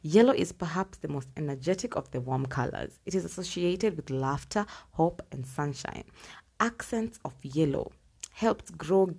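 A woman's voice: sits low, lively intonation, normal speed, creaky, dark tone, husky. A woman chatting casually in a home vlog, reading facts aloud and laughing between points. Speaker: vlogger. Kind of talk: casual solo chat.

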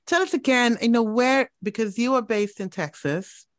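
A woman hosting a faith interview, affirming her guest and reflecting on what was said with slow emphasis. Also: fairly high pitch, dry recording, studio quality. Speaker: interview host. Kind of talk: faith talk show interview.

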